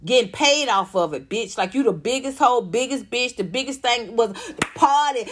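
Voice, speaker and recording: A woman host, giving brash, profane celebrity gossip commentary in an animated storytelling way. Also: fairly high pitch, a little slow. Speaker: channel host.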